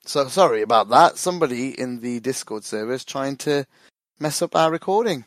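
A man's voice: medium pitch, expressive, moderate pace, dry recording. A man chatting casually as a podcast co-host, rambling, swearing and laughing often. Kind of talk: casual football chat.

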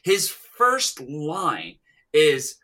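A man's voice: on the high side, wildly swooping pitch, extremely slow, bright, forceful tone. A man co-hosting a casual movie podcast, blunt and casually swearing. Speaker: podcast co-host. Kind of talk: casual movie review chat.

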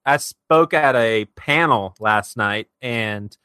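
A man's voice: mid-range voice, slow pace, sharp tone, clean tone, no echo, studio quality. A man co-hosting a podcast, talking bluntly and posing provocative hypotheticals. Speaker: podcast co-host. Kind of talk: casual podcast talk.

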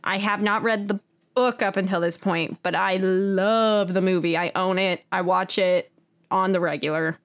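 A woman co-hosting a book podcast in unhurried, chatty casual talk. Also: medium pitch, fairly even intonation. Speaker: podcast co-host. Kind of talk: casual chat.

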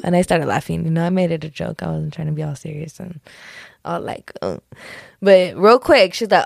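A woman's voice: lowish voice, fairly quick, vocal fry, no echo, clean studio sound. A young woman hosting a solo podcast in a casual, rambling way, often correcting herself and laughing things off as jokes. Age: young adult. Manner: rambling, giggly, self-correcting, lots of "like" and "just kidding". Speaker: podcast host.

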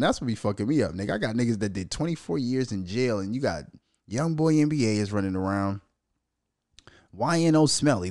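A man's voice: lowish voice, darkish tone, no echo, clean studio sound. A young man hosting a casual solo podcast, ranting profanely and mocking people with impressions. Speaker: podcast host.

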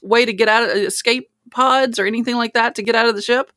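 A woman's voice: fairly high pitch, fairly even intonation, fast, a bit bright, no echo, clean studio sound. A woman playing a tabletop game, giving orders as her captain character. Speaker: player.

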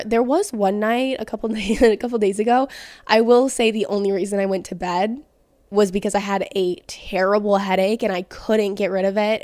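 A woman's voice: medium pitch, a little mellow, no echo. A young woman hosting a casual solo podcast, talking candidly with lots of "like" fillers. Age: young adult. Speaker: podcast host.

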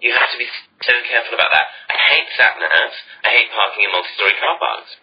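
A man's voice: lively intonation, fast, breathy edge. Chatty man on a muffled call. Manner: chatty, self-mocking, trails into lower mutters. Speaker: co-host. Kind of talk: casual chat over a video call. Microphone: video call. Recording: slightly dull call audio with faint noise.

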